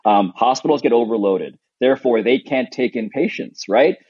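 A man's voice: mid-range voice, moderate pace, slightly rough, dry recording. A man in his thirties from New York, a sleep-deprived new father, co-hosting a casual remote chat in a rambling, earnest way with many fillers. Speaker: podcast co-host. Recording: dull lo-fi remote line.

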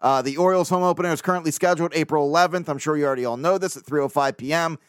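A man with a fairly high voice hosts a casual solo sports podcast. He talks loosely and jokes around, with easy swearing and frequent laughs. The sound is close and dry. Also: rapid-fire, smooth, no echo. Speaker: podcast host.

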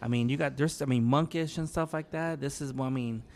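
A man, a podcast guest telling an animated story in casual chat and swearing a lot. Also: mid-range voice, fairly quick, slight background noise.

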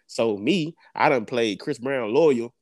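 A man's voice: medium pitch, slow, no echo, clean studio sound. A young man tells a story in casual podcast chat, swearing and laughing often. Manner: animated, profane, laughs often. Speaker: podcast co-host.

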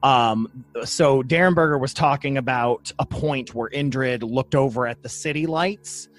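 A man's voice: medium pitch, measured pace. A man co-hosting a casual podcast, joking and reading quotes aloud from sources. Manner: jokey, reads quotes aloud. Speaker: podcast co-host. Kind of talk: casual chat.

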